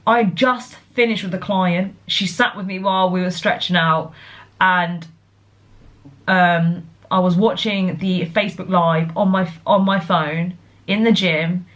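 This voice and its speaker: A young woman, chatting casually to her viewers as a vlogger, excitable and full of fillers and restarts. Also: lowish voice, unhurried. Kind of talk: casual chat.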